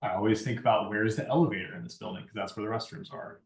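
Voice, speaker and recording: A lighting design instructor gives a classroom lecture in a lowish, creaky voice, talking rapid-fire. He sounds far from the mic in an echoey room. His manner is conversational, and he keeps asking "right?"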